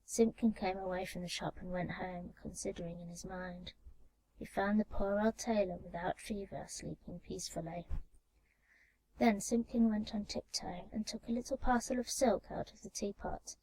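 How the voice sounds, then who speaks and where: Calm, mellow woman reading softly. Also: medium pitch, normal speed, poor audio. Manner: calm, gentle. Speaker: storyteller. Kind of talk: soft ASMR story reading. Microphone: binaural microphone.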